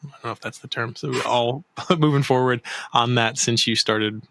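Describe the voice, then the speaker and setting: A man's voice: medium pitch, moderate pace, gravelly, bright, forceful tone, no room sound. A man hosting a casual interview, attentive and giving frequent mm-hmms. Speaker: podcast host.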